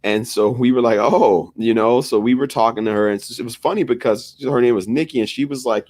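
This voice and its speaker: A man's voice: medium pitch, a little fast, few pauses, no echo, clean studio sound. A man co-hosting a podcast, telling a story in a casual chat and acting out the people he quotes. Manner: animated, acts out quoted voices. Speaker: podcast co-host.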